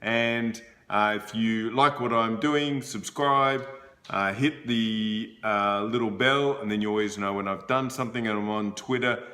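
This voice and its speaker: A man's voice: lowish voice, a little slow, sharp tone. A man giving a casual book review to camera, rambling with frequent fillers and restarts.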